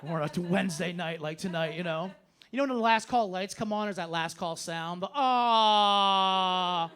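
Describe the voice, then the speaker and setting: A man's voice: high-pitched, steady tone, a little fast. A man doing a stand-up set in a club, ranting sarcastically and swearing freely. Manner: loose, profane, sarcastic ranting. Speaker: stand-up comedian. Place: comedy club stage.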